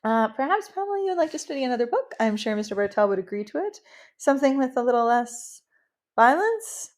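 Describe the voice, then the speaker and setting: A woman voicing a gentle, concerned older woman school counselor who speaks hesitantly and coaxingly. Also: high voice, big pitch swings, a little fast.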